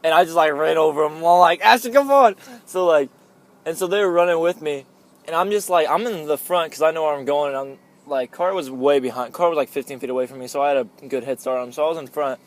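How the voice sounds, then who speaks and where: A man's voice: a little high, fairly even intonation, quick pace. A young man telling a story among friends in a casual chat, rambling with lots of "like" and laughing often.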